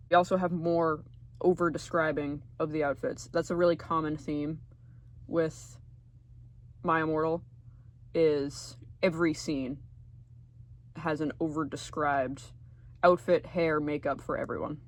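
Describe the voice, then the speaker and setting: A man giving a casual commentary video essay, chatty and full of fillers, often trailing off quietly at the ends of phrases. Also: a little high, dry recording, clean studio sound.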